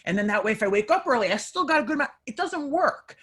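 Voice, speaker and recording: A woman hosting a casual chat, giggling and telling stories with animated energy. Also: mid-range voice, rapid-fire.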